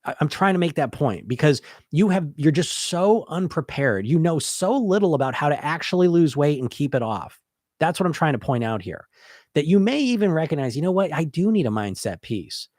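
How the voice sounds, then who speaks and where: A man's voice: fairly high pitch, very animated, moderate pace, a little mellow, no echo, clean studio sound. A man hosting a weight-loss podcast, talking casually and with energy, often restarting and repeating words. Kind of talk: casual monologue.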